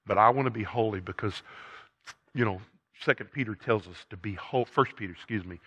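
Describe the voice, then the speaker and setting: An older man preaching a sermon as a pastor, folksy and emphatic, rising loud and dropping low. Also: dull audio.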